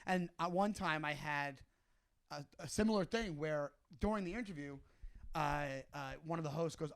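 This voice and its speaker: A man co-hosting a comedy podcast, telling animated stories and acting out quotes. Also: a little high, normal speed, clear, resonant tone. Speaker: podcast co-host. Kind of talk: casual chat.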